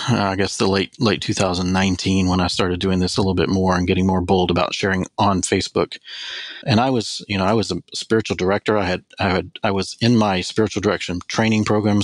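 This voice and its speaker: A man in his forties with a low voice recounts a painful chapter of his life in an earnest, thoughtful way. The sound is dry and close, with no room around it. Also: dry recording. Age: 40s. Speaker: podcast guest, spiritual director. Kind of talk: reflective personal storytelling.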